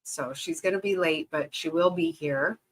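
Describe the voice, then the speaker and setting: A woman hosting a casual livestream, greeting her viewers by name in a bubbly, excitable way and laughing often. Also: low voice, normal speed, poor audio. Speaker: livestream host.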